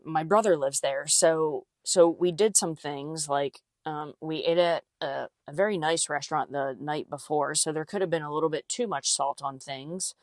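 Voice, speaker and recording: A woman with a low, dark-toned voice tells her listeners about her experience in a loose, chatty solo podcast. She leans on fillers and restarts her sentences often. The sound is close and dry, with no room around it. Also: dry recording. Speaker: podcast host, physical therapist. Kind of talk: casual solo podcast monologue.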